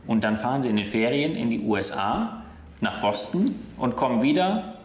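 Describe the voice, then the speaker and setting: A man's voice: medium pitch, sing-song, normal speed, echoey room, a little hiss or hum. A male doctor explaining his practice in an interview, telling cases in an anecdotal way.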